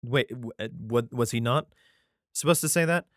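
A man's voice: mid-range voice, normal speed, a bit bright, no echo, clean studio sound. A man reading archaic scripture aloud, breaking off into irreverent, profane comic asides, sometimes stumbling over the words. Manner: irreverent, profane interjections between archaic verses; stumbles and restarts while reading. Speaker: reader and commentator.

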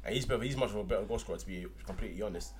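A man, co-hosting a casual football podcast, opinionated and quick to laugh. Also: fairly low pitch, slight background noise. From Ghana. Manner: animated, opinionated, laughs readily. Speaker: podcast co-host.

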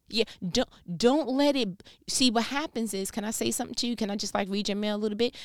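Smooth-voiced New woman teaching scripture. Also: on the high side, no room sound, clean studio sound. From New York. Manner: conversational and playfully scolding, addressing listeners directly. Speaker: Bible teacher. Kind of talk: casual scripture commentary.

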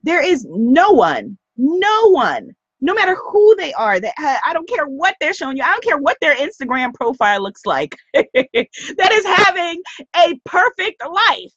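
A woman hosting a motivational live stream, speaking in an animated, emphatic way and repeating phrases for stress. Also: high voice, normal speed, hardly any pauses, dry recording. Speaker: host of a live broadcast. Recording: dull lo-fi dry stream audio.

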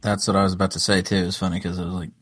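A man's voice: low-pitched, level tone, very fast, fairly bright tone, no echo. A man co-hosting a podcast in casual chat, easygoing and hesitant, with many ums and restarts. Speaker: podcast co-host.

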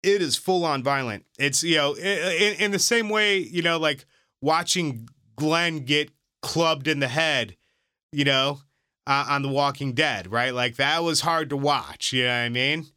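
A podcast co-host speaks in casual chat with a slightly high, sharp, smooth voice at an unhurried pace. The studio-quality recording has no room sound, and he rambles with many fillers and restarts.

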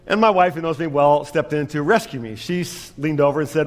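A man's voice: fairly high pitch, fairly quick, hardly any pauses, big-room sound. A man preaching a sermon as pastor, telling a story with self-deprecating humor.

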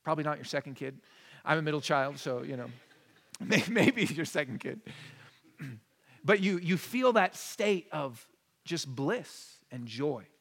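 A man in his thirties preaching a conversational sermon, moving between quiet, intimate asides and rising, emphatic lines. His voice sits a bit high for a man. The sound is a church sanctuary with a long reverb tail. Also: lively intonation, unhurried, creaky, pauses often. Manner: conversational, swings from hushed to emphatic. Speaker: pastor.

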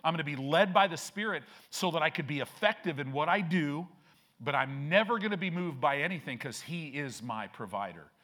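A man's voice: a little high, animated, fairly quick, fairly bright tone. An older male pastor preaching in a church, telling stories conversationally and building up to emphatic declarations. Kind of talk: sermon. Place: church sanctuary.

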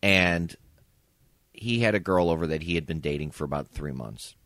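A man's voice: low voice, normal speed, dry recording, clean studio sound. A man co-hosting a podcast, telling a story in a casual chat over drinks at someone's home and acting out the quotes. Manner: animated storyteller, acts out quotes. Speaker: podcast co-host. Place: indoors, home.

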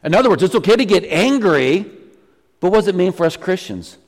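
Man, middle-aged, pastor preaching a sermon, animated, teasing, slightly high voice, long church-hall reverb. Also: brisk. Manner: animated, jokes with the congregation. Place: church sanctuary.

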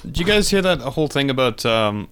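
A man's voice: medium pitch, sing-song, fairly quick, fairly bright tone, clear, resonant tone. A man co-hosting a casual movie podcast, chiming in with offhand comments. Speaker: podcast co-host.

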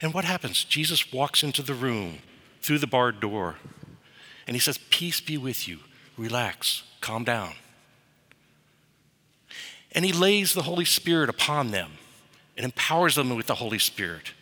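A man preaching a sermon, telling a story in a lively way. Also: mid-range voice, normal speed. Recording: reverberant hall.

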